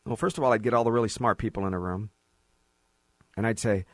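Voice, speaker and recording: Gravelly man telling money stories. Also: mid-range voice, brisk, long pauses, dry recording. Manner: animated storyteller, mocking voices in quoted asides. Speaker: financial radio host. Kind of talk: conversational radio advice talk.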